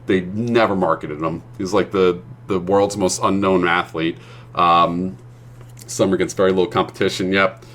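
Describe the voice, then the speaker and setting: Low-voiced man ranting on a stream. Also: steady tone, moderate pace, fairly bright tone. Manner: profane, ranting. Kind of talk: casual chat while streaming a game.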